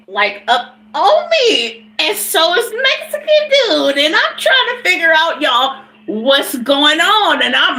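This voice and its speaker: A woman livestreaming as a tarot reader tells a story at a slow, drawn-out pace, with her high voice swooping all over the place. She curses freely, keeps calling out to her listeners, and breaks into loud laughter. The sound is roomy and echoey. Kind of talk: casual storytelling to a live audience.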